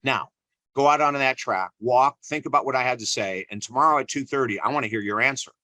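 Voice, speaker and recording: A man's voice: mid-range voice, fast, bright, forceful tone, no echo, lightly acted. A man voicing a stern older male priest who speaks in curt commands.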